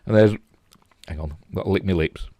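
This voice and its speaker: A man's voice: deep voice, brisk, gravelly, mellow, no echo. A middle-aged man with a Yorkshire accent, rambling casually and chuckling as he comments on pictures. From England. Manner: chatty, rambling, chuckling asides. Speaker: host.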